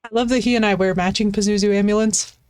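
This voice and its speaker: A woman's voice: medium pitch, fairly even intonation, fast talker, darkish tone, smooth. A woman streaming a game live, chatting playfully with her viewers and cooing at her dog. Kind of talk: casual live-stream chat. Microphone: headset.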